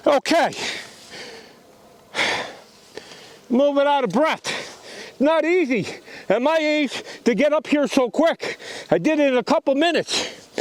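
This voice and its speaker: A man in his fifties, a radio operator and tower builder, explaining his antennas outdoors in a matter-of-fact way. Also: very high voice. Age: 50s. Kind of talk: casual on-site explanation to camera.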